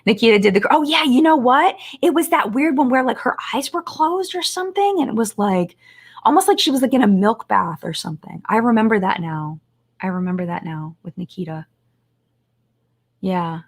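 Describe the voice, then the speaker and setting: A woman's voice: on the high side, expressive, normal speed, breathy edge. A woman hosting a casual live-stream chat from home, gushing and chatty with lots of "like", sliding into sing-song baby talk for her dogs.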